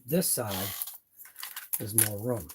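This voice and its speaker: The host of an RC hobby channel talks to himself while wrenching in his garage on a live RC car workshop stream, muttering his thoughts as he goes. He speaks slowly in a low-leaning voice with lively intonation, and background noise is audible.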